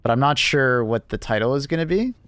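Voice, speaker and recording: A young man live-streaming and chatting casually with viewers, rambling with lots of fillers and quick laughs. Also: mid-range voice, animated, fairly bright tone, clear, resonant tone, dry recording.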